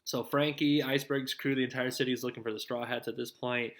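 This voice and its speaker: A man's voice: medium pitch, fairly even intonation, quick pace, a bit bright. A young man hosting his own show, giving a rambling, casual recap of anime episodes, full of "like" and "dude". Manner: laid-back, rambling, heavy on "like" and "dude". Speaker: show host.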